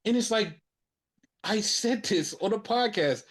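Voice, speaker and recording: A man with a fairly high voice hosts a loose, casual podcast and swears freely as he rants. He tells his stories with animated, excitable energy, and his heat keeps climbing. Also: measured pace. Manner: profane, heated ranting. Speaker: podcast host. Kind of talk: casual wrestling podcast chat.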